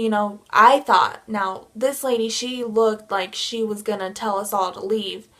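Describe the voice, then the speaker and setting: A young woman telling a casual storytime vlog, gushing and excitable as she recounts meeting someone. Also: medium pitch, a little slow, hardly any pauses. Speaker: vlogger.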